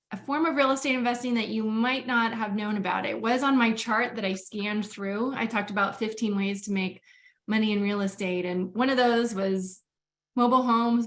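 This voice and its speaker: A woman's voice: medium pitch, steady tone, moderate pace, fairly bright tone. A woman hosting a webinar over a video call, talking in a chatty, friendly way with frequent "um" fillers. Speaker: webinar host.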